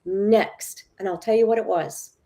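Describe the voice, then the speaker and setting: A woman's voice: mid-range voice, fairly even intonation, unhurried, creaky, mellow. A woman guest speaking as a spiritual teacher, telling stories emphatically and acting out quoted dialogue. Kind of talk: animated storytelling talk.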